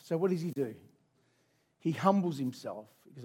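A man preaching, retelling a story in a conversational, animated way with asides to listeners. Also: a little high, normal speed, slightly rough. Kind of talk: sermon storytelling.

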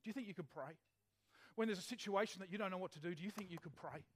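High-voiced chatty male preacher. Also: rapid-fire, slight background noise. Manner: chatty, asks the congregation questions. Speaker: pastor. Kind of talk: sermon.

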